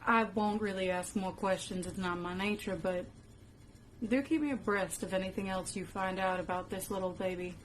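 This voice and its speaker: A woman's voice: mid-range voice, fairly even intonation, normal speed, a little hiss or hum, close to an everyday voice. A woman playing a laid-back female wizard professor with a casual, folksy way of talking, in a fan-made web drama.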